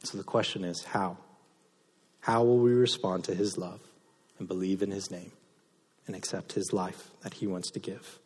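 Husky-voiced man preaching in a big hall. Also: fairly even intonation, normal speed, long pauses. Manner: swings from loud impassioned preaching to soft low delivery. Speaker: pastor. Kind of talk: sermon. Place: church sanctuary. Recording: reverberant hall sound.

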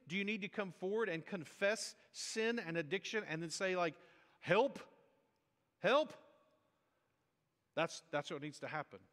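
A man preaching a sermon as a pastor in a conversational, animated way, often acting out quoted voices. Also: sits high. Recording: reverberant hall.

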